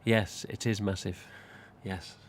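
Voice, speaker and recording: A man chats loosely on a live stream, wandering from point to point and reading viewers' messages aloud. His voice sits a little low. A faint hiss of room noise runs under the recording. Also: flat delivery, takes it slowly. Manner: chatty, rambling, reads viewer comments aloud. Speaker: live stream host, mask collector. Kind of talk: casual live stream chat.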